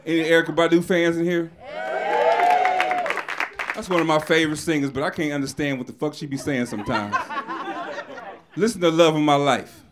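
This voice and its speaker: A man doing a loud, crude stand-up comedy set on a club stage, shouting many punchlines. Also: a little high, brisk, long pauses, heavy background noise. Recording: live stage recording with crowd. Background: audience laughing.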